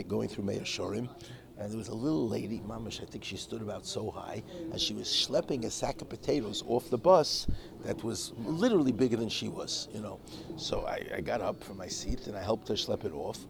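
A man giving an informal religious class, telling stories in a digressive way with many restarts and Hebrew and Yiddish terms. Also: lowish voice. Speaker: Torah teacher. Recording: clear background noise.

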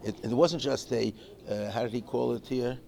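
A man's voice: mid-range voice, moderate pace, dark tone. A man giving an informal religious class, telling stories in a digressive way with many restarts and Hebrew and Yiddish terms. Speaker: Torah teacher. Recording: clear background noise.

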